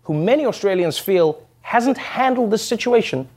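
A man hosting a comedy news show, delivering a satirical monologue with punchy jokes and quick asides. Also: sits high, animated, very noisy. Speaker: host.

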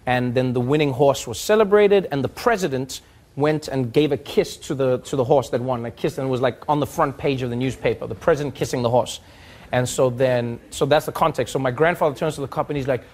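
A man telling a comic story in a loose, animated way, full of asides. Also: mid-range voice, brisk. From South Africa. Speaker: host. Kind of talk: comedic storytelling.

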